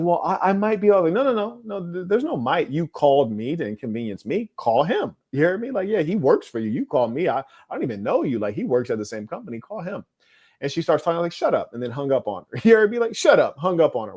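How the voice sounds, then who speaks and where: A man's voice: fairly high pitch, darkish tone. A man talking in a blunt, dismissive monologue full of slang, often asking "you hear me?". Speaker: host. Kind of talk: casual monologue.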